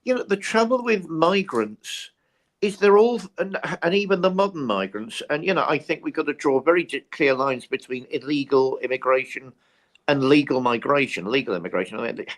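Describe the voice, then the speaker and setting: A British man co-hosting a talk show rants with passion and conviction. His voice sits fairly high for a man, and he pushes his points hard. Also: moderate pace. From Britain. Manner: impassioned, ranting. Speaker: co-host. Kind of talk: opinionated talk-show chat.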